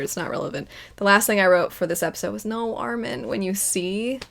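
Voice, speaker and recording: A young woman hosting an anime reaction channel, talking casually and animatedly, bursting into loud exasperated outbursts. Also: fairly low pitch. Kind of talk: casual spoken commentary.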